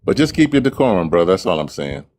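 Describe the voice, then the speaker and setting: A man in his sixties from Chicago, a caller in a live-stream debate who speaks calmly and steadily in a deep, radio-like voice. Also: slight background noise. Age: 60s. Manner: calm, measured, deep radio-like voice.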